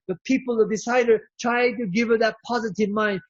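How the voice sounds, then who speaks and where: A man giving an inspirational keynote address, preachy and emphatic, with drawn-out phrases. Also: high-pitched, steady tone, husky, dry recording. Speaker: keynote speaker. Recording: dull lo-fi recording.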